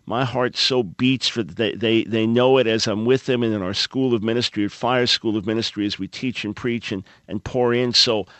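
A man's voice: mid-range voice, fairly even intonation, normal speed, few pauses, fairly bright tone, dry recording. A man hosting a Christian call-in radio talk show in a studio, speaking with an earnest, fervent preacher's delivery. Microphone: studio microphone.

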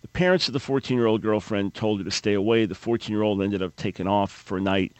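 A man's voice: lowish voice, fast, dry recording. A man hosting a talk radio show, delivering an opinionated monologue with sarcasm and frequent stammered restarts.

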